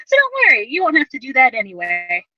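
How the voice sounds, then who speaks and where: A gleeful, sadistic villain, put on by a woman running a tabletop game, chirping his threats with mocking theatrical flair. The voice sits high and bright. It comes across muffled, from a mic set back. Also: wildly swooping pitch, fast talker, dry recording, distant mic, full character voice.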